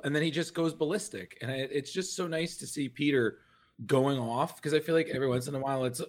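A man guesting on a casual comic book podcast, excitable and loose, swearing and slipping into exaggerated quoted voices. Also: medium pitch, fairly quick.

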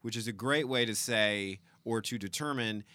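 Bright laughing man, dry close sound. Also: fairly low pitch, moderate pace, clean tone, no echo. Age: 40s. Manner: animated, self-deprecating, laughs often. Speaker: podcast co-host. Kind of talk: casual banter.

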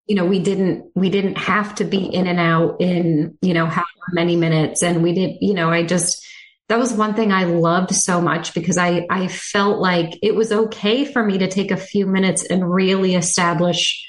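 A woman's voice: on the low side, steady tone, moderate pace. A woman speech-language pathologist in a casual conversation, speaking earnestly and reflectively with frequent fillers. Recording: echoey room.

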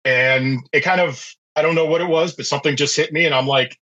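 A man's voice: fairly high pitch, steady tone, brisk, sharp tone, lo-fi sound. A middle-aged man telling a long personal story as a podcast guest, chatty and anecdotal with many fillers and restarts. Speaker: podcast guest, pet care business owner. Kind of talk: casual storytelling interview.

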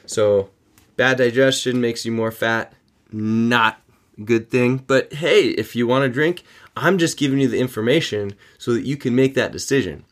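A man hosting a fitness podcast, talking informally with joking asides and quick self-corrections. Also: mid-range voice. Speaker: podcast host. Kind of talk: casual fitness podcast monologue.

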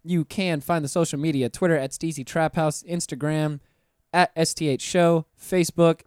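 A young man hosts a casual podcast, rattling off plugs in a loose, profane way. His voice sits a bit high and sounds smooth and clear. The sound is dry and close to the mic. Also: steady tone, moderate pace, darkish tone, dry recording. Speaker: podcast host.

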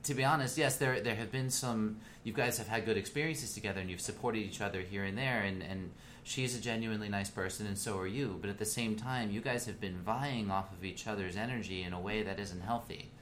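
A man's voice: lowish voice, fairly quick, few pauses, a bit bright, slight background noise. A man in casual chat on a podcast who gives blunt, profane advice.

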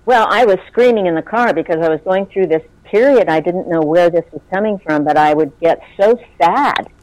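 A woman's voice: on the low side, a little mellow, dry recording, rough recording. Heartfelt woman in her sixties, dry sound. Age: 60s. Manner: heartfelt, halting, with many fillers. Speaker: guest. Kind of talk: personal storytelling in conversation.

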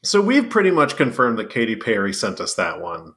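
Male podcast co-host, lively and animated, playful comic banter. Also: on the low side, fairly quick. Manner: playful, lively, laughs between phrases. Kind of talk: casual comedic chat.

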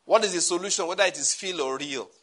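A man's voice: high-pitched, quick pace, a bit bright. A male pastor with a Nigerian accent, preaching a sermon with joking asides and his own laughter.

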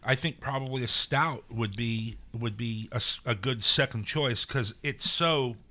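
A man's voice: mid-range voice, a little slow, bright, forceful tone. A man hosting a casual podcast chat, eager and often restarting his phrases.

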